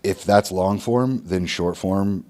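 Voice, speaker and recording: Man, 30s, very low voice, podcast guest, rambling, stumbles and restarts. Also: slow, darkish tone. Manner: loose, rambling with repeated restarts and profanity. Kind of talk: casual podcast conversation.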